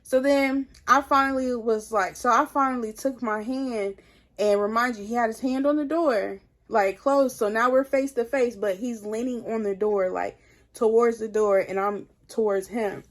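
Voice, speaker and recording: A young woman with a fairly high voice tells a personal story for her vlog. She talks casually and animatedly, scattering "like" everywhere. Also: moderate pace. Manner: animated, heavy filler "like". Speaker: vlogger.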